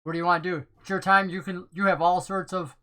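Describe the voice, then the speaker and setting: A game master narrating a tabletop game, excitable and often laughing, with plenty of ums and whatnots. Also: mid-range voice, quick pace.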